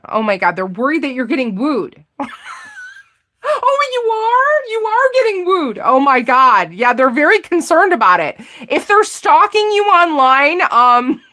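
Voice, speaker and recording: A woman's voice: fairly high pitch, bright, forceful tone. A woman giving a casual live tarot reading, chatty and giggly, exclaiming often as she talks. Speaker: tarot reader.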